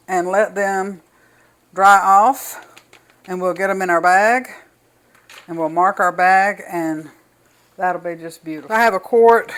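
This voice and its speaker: A woman's voice: mid-range voice, low-quality recording. An older woman with a Southern US accent, chatting folksily and enthusiastically while demonstrating home cooking in her kitchen.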